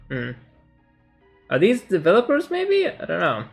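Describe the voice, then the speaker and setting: An easygoing man chats and laughs while playing a comedy adventure game with a friend. His voice is slightly high and lively in pitch. Faint music sits under the conversation. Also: unhurried, gravelly, long pauses. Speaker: let's play co-host. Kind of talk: casual game commentary.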